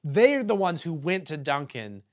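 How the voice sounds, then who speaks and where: A man hosting, chatting casually in outtakes, joking and breaking into loud put-on voices. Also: on the high side, sing-song, a little slow. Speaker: host.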